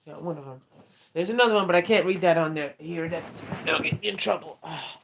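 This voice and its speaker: A woman ASMR streamer chatting in a soft-spoken, rambling manner during a livestream. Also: lowish voice, a little fast, vocal fry, a little hiss or hum. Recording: dull lo-fi stream audio.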